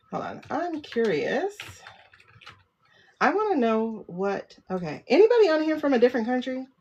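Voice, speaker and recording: A woman's voice: on the high side, darkish tone, lo-fi sound. A woman hosting a casual livestream chat. She talks in a rambling, chatty way and often breaks off mid-sentence. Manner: rambling, self-interrupting, chatty. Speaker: livestream host and tarot reader.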